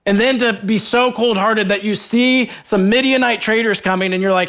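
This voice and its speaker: A man's voice: steady tone, moderate pace, hardly any pauses, a bit bright. Earnest young man preaching. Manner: earnest, conversational, heavy use of "like", acts out characters in a higher voice. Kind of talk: sermon at a youth retreat.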